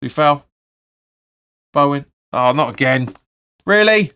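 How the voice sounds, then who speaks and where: A fan channel host runs a live football watch-along, calling the play-by-play in a clear, rounded voice that sits at a middling pitch. He reads out viewer comments and fires back blunt opinions, speaking at a moderate pace with a fairly bright tone.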